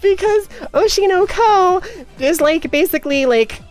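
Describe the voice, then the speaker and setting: Giggly animated streamer woman. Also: very high-pitched, measured pace, soft background music. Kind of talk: casual livestream chat.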